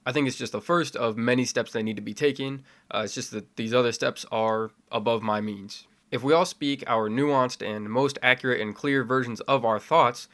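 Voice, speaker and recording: A young man with a middle-pitched voice speaks straight to his camera in a self-made video essay. His delivery starts measured and builds into fiery, impassioned conviction. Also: fairly bright tone. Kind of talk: spoken opinion essay to camera.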